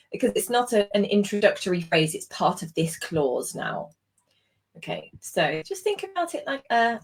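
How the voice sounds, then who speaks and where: A woman with a British accent teaching exam writing in a live session, patient and explaining with examples, with frequent ums. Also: mid-range voice. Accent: British English. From Britain. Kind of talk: live online tutoring session.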